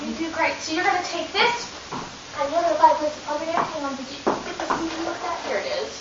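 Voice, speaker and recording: A woman's voice: extremely high pitch, steady tone, fast. A woman teacher leading a drama workshop for children, upbeat and encouraging as she hands out roles. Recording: echoey, distant, dull lo-fi with hiss.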